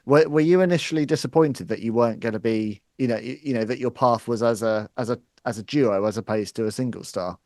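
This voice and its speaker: Eager host asking interview questions. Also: male voice, medium pitch, fast, hardly any pauses, a little mellow, no echo, studio quality. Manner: eager, stumbles over words when asking questions. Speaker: podcast host.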